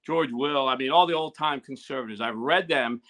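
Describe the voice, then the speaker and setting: Animated new man telling stories. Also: medium pitch, fairly quick. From New Jersey. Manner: animated, acts out quoted dialogue. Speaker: guest, YouTuber. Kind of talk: casual storytelling.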